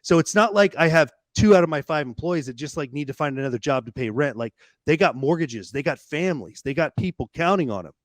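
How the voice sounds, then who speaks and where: A man telling a personal story as a podcast guest, animated and casual, swearing freely and repeating words as he hurries on. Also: fairly high pitch, quick pace, few pauses, no room sound.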